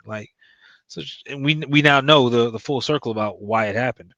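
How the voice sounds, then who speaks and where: A man's voice: fairly low pitch, fast, fairly bright tone, dry recording, muffled recording. A man giving a casual, rambling recap of a TV episode, with loose fillers as he retells the plot. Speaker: TV show reviewer.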